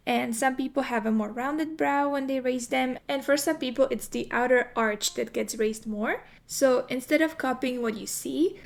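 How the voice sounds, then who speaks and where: A woman teaching animation in a recorded tutorial, explaining in a clear, methodical way. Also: fairly high pitch. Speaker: animation instructor.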